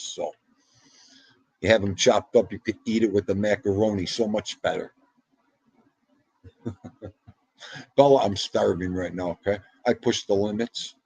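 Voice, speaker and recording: A man hosting a livestream in casual, chatty talk, excitable, with sudden jumps up in pitch. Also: normal speed, gravelly, long pauses, slightly rough, no echo, low-quality recording. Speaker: livestream host.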